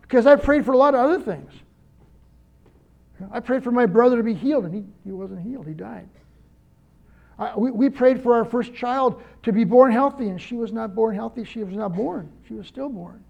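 Older guy pastor, highish voice, chatty earnest sermon, kinda muffled lo-fi sound. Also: moderate pace, creaky, a little mellow. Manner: earnest, personal, anecdotal. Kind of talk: conversational sermon.

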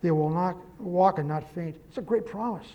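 A man preaching a sermon, quoting scripture and telling a story with lively emphasis and self-corrections. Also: high voice, normal speed, dull audio. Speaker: pastor.

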